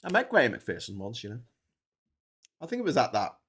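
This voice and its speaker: Brief: tired man, rambling livestream host, chatty, mid pitch. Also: wildly swooping pitch, fairly quick, a bit bright, slightly rough. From Liverpool. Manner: rambling, chatty, full of fillers. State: tired from staying awake. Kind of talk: casual livestream chat.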